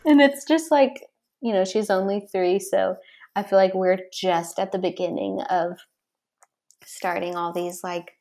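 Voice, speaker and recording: Gravelly-voiced young mom, gushing. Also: female voice, mid-range voice, steady tone, measured pace. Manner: warm, gushing, rambling, with laughs. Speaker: podcast guest, songwriter. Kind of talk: casual chat.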